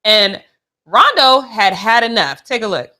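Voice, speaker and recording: A young adult woman co-hosting a sports chat show, animated and playful. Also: a little high, unhurried. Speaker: co-host.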